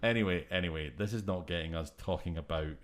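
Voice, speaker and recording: A man's voice: sits low, fast talker. A man co-hosting a podcast in casual chat, playful and teasing. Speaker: podcast co-host.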